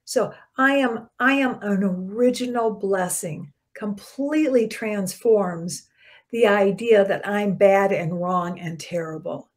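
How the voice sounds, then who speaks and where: A woman minister giving a short spiritual talk in a conversational preaching manner, with soft dropped endings and sudden bursts of emphasis. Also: medium pitch, takes it slowly.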